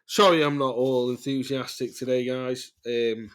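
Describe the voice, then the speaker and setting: A man hosts a casual voice-note podcast, rambling in a loose, chatty way, swearing freely and laughing at himself. His mid-range voice holds a steady tone and a measured pace, sounding smooth.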